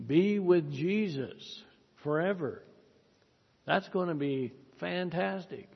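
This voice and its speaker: A man preaching a sermon that ends in prayer, with an earnest, exhorting manner. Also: a little high. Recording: dull recording in a reverberant hall.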